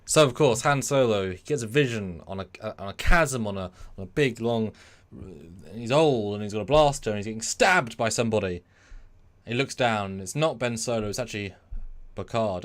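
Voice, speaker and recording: A man co-hosting a casual livestream, telling a silly story in a rambling, animated way. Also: fairly low pitch, moderate pace. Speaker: co-host.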